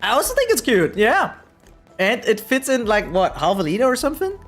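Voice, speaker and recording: A man's voice: high voice, sing-song, brisk, fairly bright tone, faint music behind. Chatty German-accented man streaming. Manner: rambling, chatty, frequent "right?" tags. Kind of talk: casual live-stream chat while gaming.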